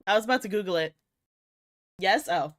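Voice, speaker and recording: A young woman chats with her stream audience in a teasing, giggly way, dropping swear words as she goes and sounding a bit tired. Her voice sits at an ordinary middle pitch. It is recorded close and dry, with no room sound. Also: lively intonation, fairly quick, fairly bright tone, dry recording. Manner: playful and giggly, teasing chat, frequent swearing. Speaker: VTuber streamer. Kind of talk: casual livestream chat with viewers.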